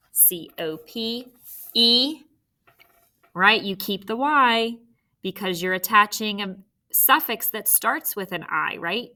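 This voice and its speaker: A woman's voice: mid-range voice, pushed and bright. A woman teacher leading a spelling lesson, sounding out words letter by letter.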